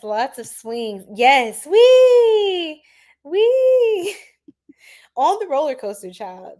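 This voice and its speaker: A woman hosting an astrology livestream in casual, slangy chat, laughing often and reacting to viewers' comments. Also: on the high side.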